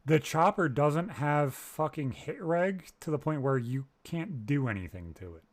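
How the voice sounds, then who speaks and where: A man's voice: on the high side, animated, measured pace. A man in casual podcast chat, talking bluntly and swearing a lot. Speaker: podcast co-host.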